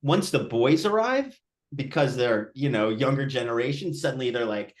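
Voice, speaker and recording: A man's voice: mid-range voice, moderate pace. A male film director at a post-screening Q&A, telling a story casually, acting out quoted voices, with many restarts. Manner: animated, acts out quotes, frequent restarts.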